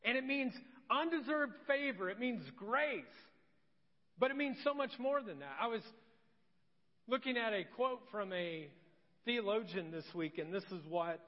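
A male pastor delivers a sermon in an earnest, emphatic way, circling back to repeat his key phrases. His voice sits high for a man, and the dull, lo-fi recording carries a long reverb from a large church hall.

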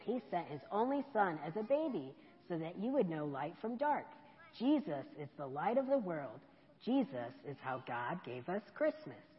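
A woman reading aloud, voicing a gentle, patient mother bear who explains things in a soft, reassuring way. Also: lowish voice, big pitch swings, moderate pace. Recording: dull echoey church hall.

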